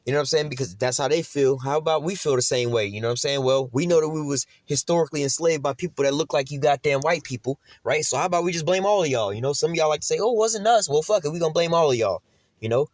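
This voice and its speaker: A man's voice: fairly high pitch, quick pace, no room sound. A man giving an informal, profane preaching monologue who keeps checking in with his listeners. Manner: profane, conversational, keeps asking "you know?". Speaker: religious teacher.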